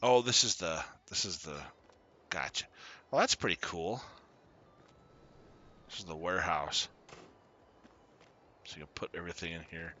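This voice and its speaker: A man chats his way through a farming game stream, a low-set voice that swings lively and bright. He laughs easily and greets viewers as they drop in. The mic sound is a little dull and lo-fi. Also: a little slow, pauses often, a little hiss or hum. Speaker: gaming streamer. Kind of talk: casual gameplay commentary.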